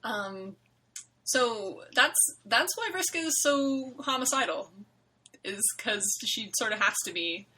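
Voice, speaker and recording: Talking slowly in a fairly high voice, a podcast co-host discusses a webcomic in a relaxed way. She's animated and emphatic and leans heavily on fillers, and the recording quality is low.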